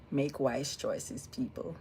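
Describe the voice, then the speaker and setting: A woman's voice: low-pitched, fairly bright tone, a little hiss or hum. A woman with a Jamaican accent hosting a casual livestream, talking emphatically and repeating words for weight. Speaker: livestream host.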